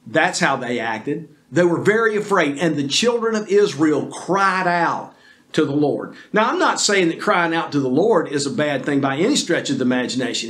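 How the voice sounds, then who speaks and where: Earnest preacher man, slightly high voice. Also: fairly bright tone. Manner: earnest, repetitive restarts, addresses listeners as folks. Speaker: pastor. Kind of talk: sermon.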